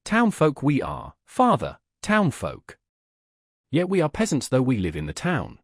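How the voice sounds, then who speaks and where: A man reading the part of a grieving middle-aged peasant woman who speaks in a slow, sing-song, pleading lament. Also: mid-range voice, huge pitch swings, no echo, studio quality.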